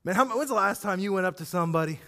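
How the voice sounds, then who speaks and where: A male pastor preaching a sermon, animated and acting out scripture scenes as he speaks directly to his congregation. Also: high-pitched, rapid-fire, big-room sound.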